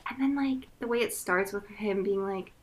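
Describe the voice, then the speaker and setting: A woman co-hosting a casual podcast chat, animated and quick to act out characters' lines. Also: medium pitch. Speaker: podcast co-host.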